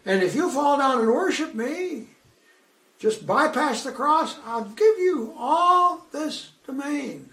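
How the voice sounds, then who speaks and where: A man's voice: very high voice, expressive, takes it slowly, sharp tone, roomy sound, voice pushed up, heavily acted. A male preacher voicing a boastful, mocking male devil in a raised, scornful tone.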